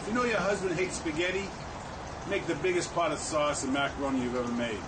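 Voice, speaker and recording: A man's voice: on the high side, fast talker. A man giving preachy, folksy advice in a monologue clip. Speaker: advice video speaker. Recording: distant mic with clear background noise.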